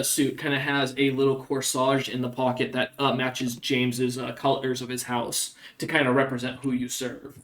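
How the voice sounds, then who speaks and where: A man's voice: medium pitch, a bit bright. A man narrating a tabletop game as game master, talking in a rambling way full of ums and uhs.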